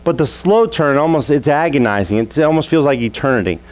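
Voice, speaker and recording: A man preaching a sermon as a pastor, telling a childhood story and acting out the family scenes in lively voices. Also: fairly high pitch, quick pace, low-quality recording.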